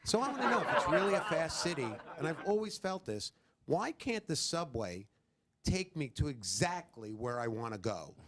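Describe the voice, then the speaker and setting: A man doing a stand-up comedy bit with an animated, punchy delivery. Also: a little high. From New York.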